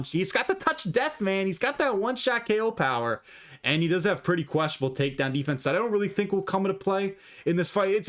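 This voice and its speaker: A man giving a casual fight breakdown and picks, blunt and profane, with lots of asides and restarts. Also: on the high side. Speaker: fight analyst.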